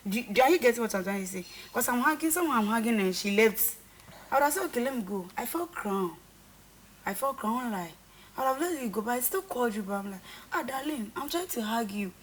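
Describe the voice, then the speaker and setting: A woman's voice: fairly high pitch, fast talker, slight background noise. Earnest young woman retelling at length. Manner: earnest, repetitive, animated retelling with quoted dialogue. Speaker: reality show contestant. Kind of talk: casual conversation.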